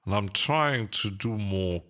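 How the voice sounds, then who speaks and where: A man's voice: lowish voice, expressive, takes it slowly, bright, forceful tone. A man casually chatting on a live stream while producing music, rambling and hesitant, often laughing to himself.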